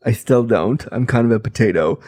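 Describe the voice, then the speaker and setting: A man's voice: mid-range voice, a little fast, a little mellow. A man in his thirties telling a comic personal story, candid and chatty, full of fillers. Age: 30s.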